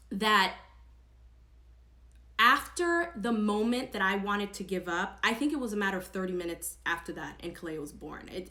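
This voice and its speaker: A woman's voice: medium pitch, fairly bright tone. A woman vlogger sharing a personal story to camera in an earnest, emphatic, chatty way. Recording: echoey room.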